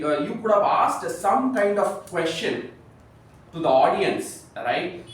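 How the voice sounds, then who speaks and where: A man giving a spoken speech evaluation at a club meeting, halting and full of fillers. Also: high voice. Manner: halting, many fillers and restarts. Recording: echoey room, far from the mic, some noise.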